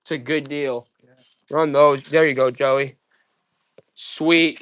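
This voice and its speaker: A man's voice: on the high side, slow pace, long pauses, smooth. A man selling items on a live auction stream, hyping each piece and talking to his viewers. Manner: excited hype salesman talk.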